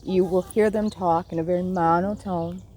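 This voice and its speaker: A woman co-hosting a casual podcast chat, chiming in with quick agreement and thoughtful asides. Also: lowish voice, fairly even intonation, darkish tone, a little hiss or hum. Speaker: podcast co-host.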